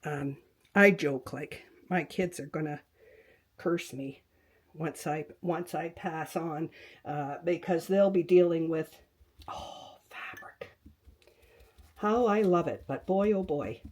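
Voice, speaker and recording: An older woman with a lowish voice chats her way through a craft demonstration, rambling and talking to herself as she paints. She now and then slips into a whisper. It sounds like a webcam recording at home. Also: slow. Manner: chatty, talks to herself while working, drifts into whispers. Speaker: quilting tutorial host.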